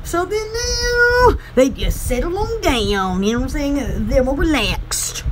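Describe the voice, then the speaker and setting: A woman's voice: sits high, animated, a little slow, faint music behind. A woman vlogger chatting to the camera in a rambling, theatrical way, often breaking into laughter. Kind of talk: rambling casual chat to camera.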